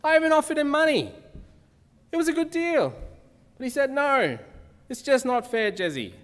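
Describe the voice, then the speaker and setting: A man voicing a self-pitying, sulking male king who whines in a high voice. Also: very animated, moderate pace, a bit bright, in a large hall, heavily acted. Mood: whining. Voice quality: high whining pitch.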